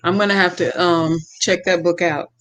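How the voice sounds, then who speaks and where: A woman hosting an interview podcast, talking in a relaxed, encouraging way with frequent ums. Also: lowish voice, normal speed. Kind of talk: casual interview conversation.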